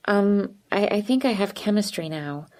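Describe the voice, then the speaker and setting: A woman voicing a nervous, withdrawn teenage girl who speaks in a quiet, hesitant way. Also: medium pitch, lively intonation, moderate pace, natural voice.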